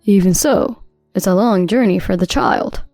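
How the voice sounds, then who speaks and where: A woman voicing a cold, selfish husband who calmly brushes off his wife's needs. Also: mid-range voice, moderate pace, no room sound, studio quality, soft background music, close to an everyday voice. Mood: dismissive. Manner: calm, dismissive.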